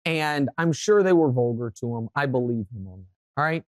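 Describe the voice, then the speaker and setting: A male sports talk host chatting casually in a dry studio with no room echo. He tells stories with animation and pushes his voice higher as he gets fired up. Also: normal speed. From Kansas City area, USA. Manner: animated storytelling, voice rising when worked up.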